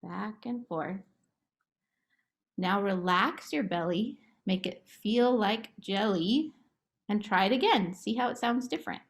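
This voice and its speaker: A woman therapist talking about her work and gently guiding a relaxation game for children, in a slow, coaxing way. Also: medium pitch. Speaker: play therapist. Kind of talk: guided relaxation script for children.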